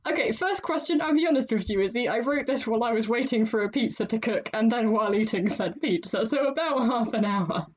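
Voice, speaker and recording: A woman's voice: fairly high pitch, brisk, few pauses, muffled recording. A woman co-hosting a writing podcast in casual chat, laughing often. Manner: laughs often, chatty and animated. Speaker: podcast co-host.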